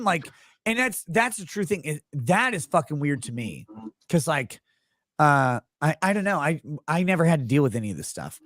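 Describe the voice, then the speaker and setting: Animated swearing man telling a story. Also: on the high side, no room sound, studio quality. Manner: animated, swearing, quick bursts, laughs while telling. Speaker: show host. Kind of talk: casual storytelling chat.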